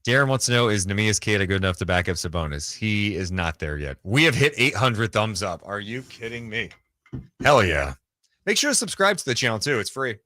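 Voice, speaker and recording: A man hosting live sports talk from a radio studio with a lively, swinging delivery. His voice is bright and forceful, and he chats casually, reacting fast and reading viewer comments out loud. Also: lowish voice, no echo. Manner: chatty, quick reactions, reads viewer comments aloud.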